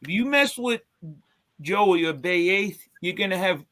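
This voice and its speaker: A man's voice: sits high, expressive, unhurried, pushed and bright. A man hosting a casual live-stream chat, rambling with lots of fillers. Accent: New York. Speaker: host.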